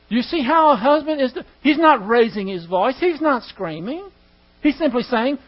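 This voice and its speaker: High-voiced emphatic male preacher, lo-fi. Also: very animated, moderate pace. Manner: emphatic, rhetorical questions, acts out quoted dialogue. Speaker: preacher teaching a class. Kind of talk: sermon-style teaching with prayer.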